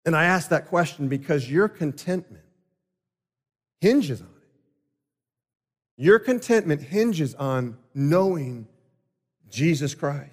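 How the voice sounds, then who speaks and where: A male pastor delivering a sermon, emphatic and swinging between loud and quiet passages. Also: on the high side. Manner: emphatic, rising and falling delivery. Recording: long hall reverb.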